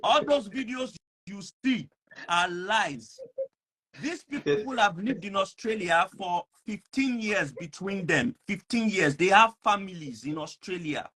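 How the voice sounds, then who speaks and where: A man's voice: high-pitched, animated, measured pace, bright, forceful tone. Earnest, emphatic man hosting a talk show. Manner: earnest, emphatic, repeats himself. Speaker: host. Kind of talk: animated online talk show.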